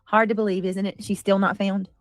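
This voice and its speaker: A woman hosting a casual livestream, greeting viewers by name and cheering gifts with excited squeals. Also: mid-range voice, brisk, no room sound, studio quality, faint music behind. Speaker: livestream host.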